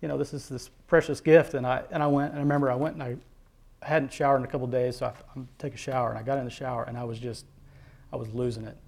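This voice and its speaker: A man tells a heartfelt personal faith testimony as a father. He speaks in an earnest, devout way, often pausing, restarting and filling gaps with small hesitations. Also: mid-range voice, level tone, darkish tone. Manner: earnest, halting, with many fillers and restarts. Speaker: father telling his testimony.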